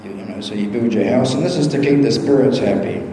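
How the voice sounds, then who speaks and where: A man's voice: mid-range voice, quick pace, noisy background. A man who is a Western Buddhist monk, giving an informal humorous Dhamma talk full of anecdotes and acted-out dialogue in a large temple hall. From Western country. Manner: humorous, chuckling at his own stories, acts out dialogue. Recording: echoey hall recording with faint room ambience.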